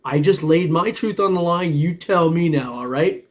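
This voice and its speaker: Over a faint hiss or hum, a man speaks at normal speed in a voice on the high side. He runs a metal detecting channel and talks casually to viewers in a loose, rambling vlog, often chuckling and saying "man" to everyone.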